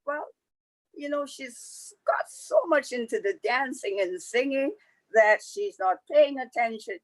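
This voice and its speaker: A woman from the Caribbean telling a folktale to a live audience, lively and conversational with asides. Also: a little high, a little slow, dry recording, low-quality recording. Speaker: storyteller.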